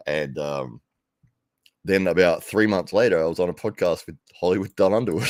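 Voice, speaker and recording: A man's voice: low voice, a little fast, a little mellow, dry recording, clean studio sound. A middle-aged man working as an arm wrestling commentator tells a rambling, casual story, chuckling often and growing livelier when he quotes himself.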